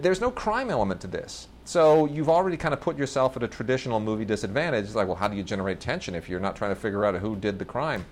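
An enthusiastic man talks through films on a podcast in a relaxed, rambling way. His pitch sits at an ordinary middle level. A faint hiss runs under his voice. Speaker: podcast host reviewing films. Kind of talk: casual film review chat.

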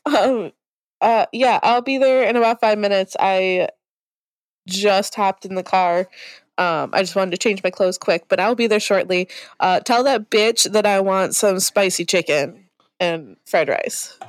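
A woman's voice: medium pitch, unhurried, dry recording, natural voice. A woman voicing a brash young woman on a phone call in a tabletop role-play, talking in a breezy, crude and offhand way.

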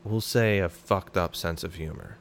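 A man with a very low voice talks in a blunt, fired-up, profane way as a podcast guest. He sounds middle-aged, and a faint hiss sits under his voice. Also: normal speed. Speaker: podcast guest, former special operations soldier. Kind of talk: casual podcast conversation.

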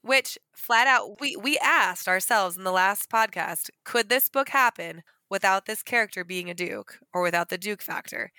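Woman podcaster, argues her point with energy, bright tone, dry close mic. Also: mid-range voice, moderate pace, few pauses, no room sound. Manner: animated, argumentative. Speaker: podcast co-host. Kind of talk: casual book discussion.

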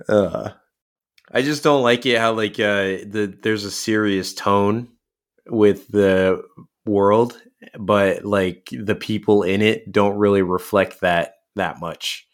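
Brief: relaxed podcast co-host, man, lowish voice, easygoing filler-heavy talk. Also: takes it slowly. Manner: laid-back, laughs often, many fillers. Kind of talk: casual chat.

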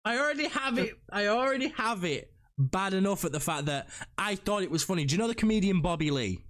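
A man hosts a laid-back gaming podcast, his voice lively and sitting a little high. His nose is blocked, which gives his talk a stuffed-up sound. He jokes and swears freely. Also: brisk. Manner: joking, animated, swears freely. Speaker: podcast host. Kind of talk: casual gaming podcast chat.

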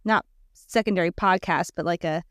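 Female podcast co-host, smooth clear tone, chatty and giggly, dry mic. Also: fairly low pitch, moderate pace, fairly bright tone, no room sound. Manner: chatty, giggly, many fillers. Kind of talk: casual podcast chat.

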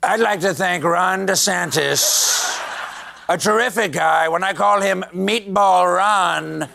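A man putting on the voice of a boastful male politician, drawing out his mock praise slowly. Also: sits high, gravelly, pushed and bright, slight background noise, exaggerated voice. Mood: mock-gushing. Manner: slow, drawn-out mock praise.

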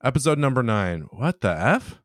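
A man's voice: mid-range voice, sing-song, normal speed, dry recording, studio quality. Joking podcast co-host man. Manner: joking, mock-angry banter. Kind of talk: casual podcast chat.

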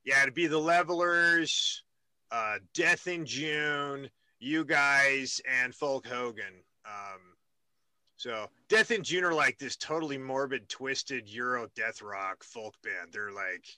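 A man's voice: mid-range voice, slow pace, pushed and bright, no echo. A man hosting a casual interview, rambling and joking with many restarts. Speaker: radio host.

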